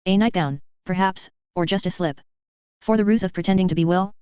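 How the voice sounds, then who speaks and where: Woman audiobook narrator, brisk steady read, slightly dull lo-fi audio. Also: lowish voice, smooth, no echo. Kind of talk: scripted narration.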